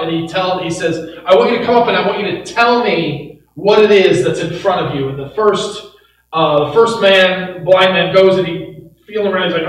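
Animated pastor in an echoey hall. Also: male voice, sits high. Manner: animated, acts out quoted voices with laughs. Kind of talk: sermon. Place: church auditorium. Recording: echoey church hall, mic from a distance.

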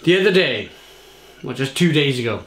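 A man's voice: mid-range voice, big pitch swings, moderate pace, a bit bright. A man with a British accent, a beer reviewer and pub manager, swearing and rambling through an angry rant to camera. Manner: sweary, rambling, repeats himself.

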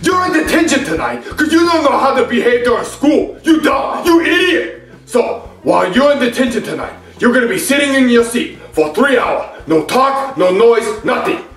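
A man voicing a rude teacher who yells insults. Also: very high voice, sing-song, moderate pace, recorded from a distance, faint music behind, exaggerated voice. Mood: angry. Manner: yelling insults. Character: rude, shouting male teacher. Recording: echoey, from off-mic.

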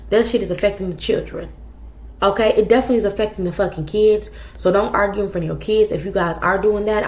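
A woman's voice: medium pitch, a little mellow, reverberant. A woman giving a casual tarot reading, talking bluntly and chattily to her viewers with plenty of profanity. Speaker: tarot reader.

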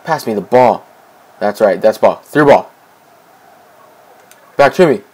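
A young man casually commenting on his own soccer video game match, excitable and repeating himself as he begs teammates for the ball. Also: on the low side, slow, breathy edge, poor audio. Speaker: gameplay commentator. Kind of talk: casual let's-play commentary.

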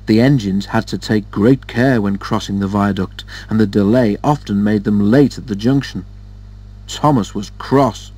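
A man's voice: fairly low pitch, moderate pace, a little mellow, husky. Man reading a storybook aloud. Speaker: narrator.

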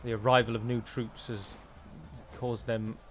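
A man's voice: mid-range voice, level tone, measured pace, slight background noise. A British man commentating on his strategy game, exasperated and swearing freely as the battle goes wrong. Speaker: strategy game let's-player. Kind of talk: gameplay commentary.

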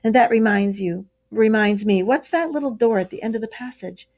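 A woman voicing a brisk, cheerful male water rat who cheers up and bosses his friend, in a storybook read-aloud. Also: on the high side, darkish tone, pitched above the performer's own voice. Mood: cheery. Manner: hearty, encouraging, bossy.

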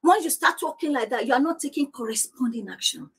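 High-voiced woman pastor preaching. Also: lively intonation, quick pace, breathy edge. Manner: insistent, repeats declarations, prays aloud. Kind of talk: sermon teaching on divine healing.

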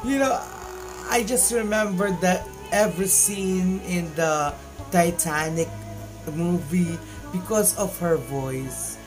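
Slow-talking Filipino man gushing in a reaction vlog. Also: high-pitched, music in the background, rough recording. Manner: effusive, gushing exclamations. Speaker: YouTube reaction vlogger. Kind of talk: casual reaction commentary.

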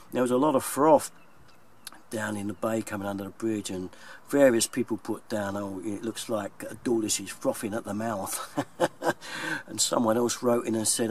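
A man with a London accent talking casually to his viewers as a plumber, chatty and plain-spoken, often chuckling. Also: on the low side. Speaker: plumber and video maker. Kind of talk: casual vlog talk to viewers. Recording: distant mic, faint background noise.

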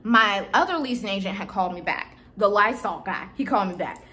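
A young woman in her twenties casually retelling a story to her viewers, animated and exasperated, acting out the dialogue. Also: medium pitch, brisk. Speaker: vlogger telling a storytime.

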